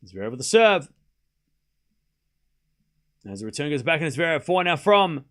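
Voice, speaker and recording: A man's voice: on the high side, sing-song, normal speed, a bit bright. A man hosting a live tennis watchalong stream, calling points and thanking viewers in casual chat. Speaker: livestream host.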